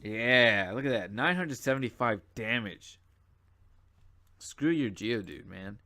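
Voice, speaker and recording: A man's voice: medium pitch, lively intonation, slow pace, pushed and bright. A young man casually commenting on his own gameplay as a channel host, sleepy and yawning, rambling with lots of fillers and asides.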